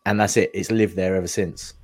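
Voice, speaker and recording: A man in casual podcast chat, easygoing and quick to laugh. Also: low voice, steady tone.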